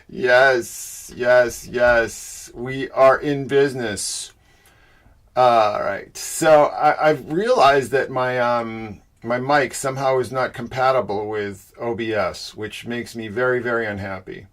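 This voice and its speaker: A middle-aged man with a Boston accent hosts a casual livestream. He warmly and loosely greets viewers by name, with an upbeat, chatty delivery. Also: medium pitch, a little slow. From Boston area. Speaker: livestream host.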